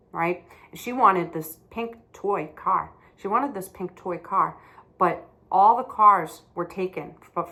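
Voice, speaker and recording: A woman teaching young children, speaking gently, with simple, repeated words. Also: on the low side.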